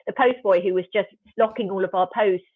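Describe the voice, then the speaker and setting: A woman's voice: mid-range voice, fairly quick, breathy edge, no echo. A woman author speaking as an interview guest, thoughtful and wry, often restarting her sentences. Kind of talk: casual interview chat. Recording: tinny phone-like remote call line.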